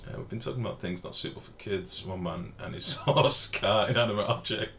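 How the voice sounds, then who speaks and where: A man's voice: fairly low pitch, a little fast, vocal fry, sharp tone, slight background noise. A man, streaming a game live and chatting casually while reading out chat messages and swearing freely.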